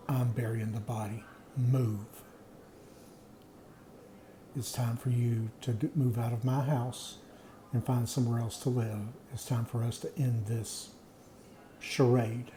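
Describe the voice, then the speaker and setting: Middle-aged man, reflective storyteller, dark warm timbre, roomy echo. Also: mid-range voice, slight background noise. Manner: earnest, reflective, plain-spoken with pauses. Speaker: vlogger sharing personal experience. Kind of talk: personal storytelling monologue. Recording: echoey room.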